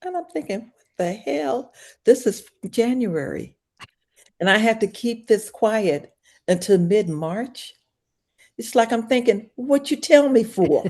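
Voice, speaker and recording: An older woman, a podcast guest, telling an animated story in a casual interview and acting out every voice in it, from hushed to shrieking. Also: a little high, slow pace.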